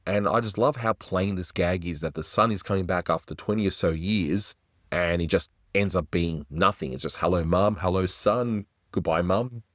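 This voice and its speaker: A man's voice: deep voice, normal speed, fairly bright tone, no echo, clean studio sound. A man hosting an animation review, talking in a chatty, enthusiastic way. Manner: enthusiastic, chatty, does little voice impressions. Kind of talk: casual review commentary.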